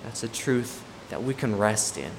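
A man's voice: fairly low pitch, expressive, unhurried, creaky. Male preacher, emphatic and repetitive, long hall reverb with faint room hiss. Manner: emphatic, repeats key points. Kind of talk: expository sermon.

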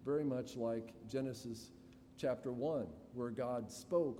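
Slow-speaking male preacher in a hall. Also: mid-range voice, warm tone. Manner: slow, deliberate preaching with dramatic pauses. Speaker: pastor. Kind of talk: expository sermon. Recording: reverberant hall, faint room noise.

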